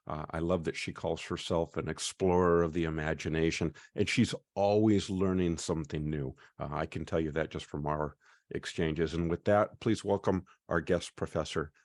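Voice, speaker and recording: A man's voice: sits low, steady tone, darkish tone, dry recording. A man hosting an online class over a video call, chatty and welcoming. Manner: chatty, welcoming, often pauses with "uh".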